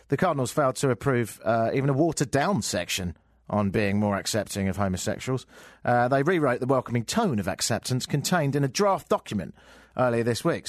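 A man from England, with an English accent, hosts a talk radio show from a radio studio, joking sarcastically about the news at a studio microphone. His voice is mid-range, and the studio-quality audio has no echo.

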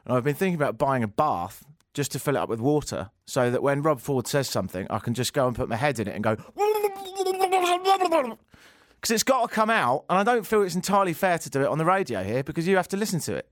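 British male radio host, sarcastic comic monologue, swoops all over his pitch, dry close studio mic. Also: quick pace, dry recording. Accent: British English. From Britain. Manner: sarcastic, animated, mock-outraged rants. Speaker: radio talk show host. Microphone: studio microphone.

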